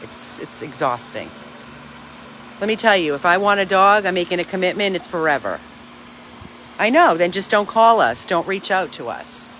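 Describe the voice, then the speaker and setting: Speaking at a moderate pace, this dog rescue operator vlogs casually for her followers outside, chatty and emphatic in her earnestness. She has a lowish, fairly bright voice that swings widely in pitch. There's a little background noise.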